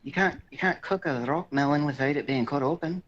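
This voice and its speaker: A man playing a tabletop game, with goofy and excitable in-character banter. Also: a little high, a little fast, highs cut off. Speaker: player.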